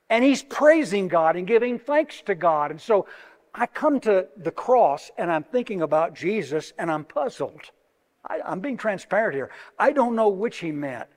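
A middle-aged man preaching a sermon, moving between hushed, slow words and loud, emphatic passages. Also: high-pitched. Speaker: pastor. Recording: long reverb of a large hall.

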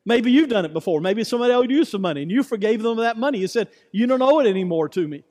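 Pastor, male, high-pitched voice, emphatic repeating sermon delivery, long church reverb. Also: lively intonation, fast talker, darkish tone. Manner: repetitive, emphatic preaching with rhetorical questions. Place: church sanctuary.

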